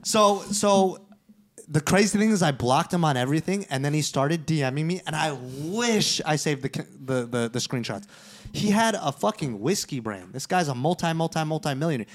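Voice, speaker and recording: Podcast host guy, fairly high voice, swears a lot, jumps into quoted voices mid story. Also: fairly quick. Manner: profane, animated, acts out quoted dialogue. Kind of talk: casual storytelling chat.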